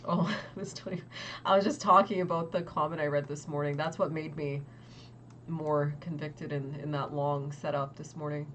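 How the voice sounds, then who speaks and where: A young woman hosting a trading livestream, talking casually and quickly to her chat with lots of "like" and exasperated asides. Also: sits low, steady tone, fairly bright tone, slight background noise. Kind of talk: casual market commentary to chat.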